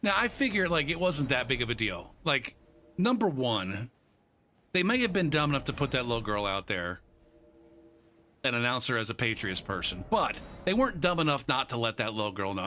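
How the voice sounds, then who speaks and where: This mid-range male voice moves at normal speed, with a little hiss or hum in the recording. He's live-streaming a game, narrating a story laced with profanity, animated throughout and laughing often.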